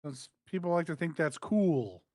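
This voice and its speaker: A man's voice: a little high, lively intonation, moderate pace, warm tone, no echo. Sarcastic ranting man, dry close sound. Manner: angry, sarcastic ranting with mocking impressions. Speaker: podcast co-host. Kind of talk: profane ranting wrestling review.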